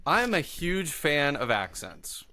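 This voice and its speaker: A young man co-hosting a casual podcast, eager and quick to laugh. His voice sits a little high and swings widely in pitch as he gets excited. The recording is dry and close. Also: dry recording. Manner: animated and enthusiastic, laughs often. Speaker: podcast co-host. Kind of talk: casual chat.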